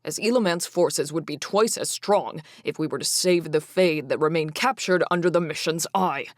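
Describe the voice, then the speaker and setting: A woman's voice: low-pitched, moderate pace, no echo, clean studio sound, natural voice. A woman voicing a proud male Fae king who spits out furious, formal accusations in an audiobook fantasy reading. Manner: spitting, fierce.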